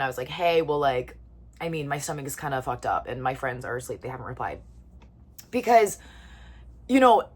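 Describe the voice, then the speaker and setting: A young woman in her twenties with a fairly low voice tells a story in casual vlog chat. She talks to the camera and fills her sentences with "like". She sometimes stops to eat a bite. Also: fairly bright tone, breathy edge. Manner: chatty, lots of "like", eating while talking. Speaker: vlogger.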